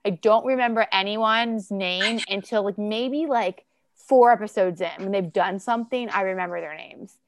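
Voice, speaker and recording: Woman, casual co-host chatter, gravelly, distracted. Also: medium pitch, no room sound. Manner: chatty, distracted, quick reactions. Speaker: podcast co-host. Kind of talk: casual chat.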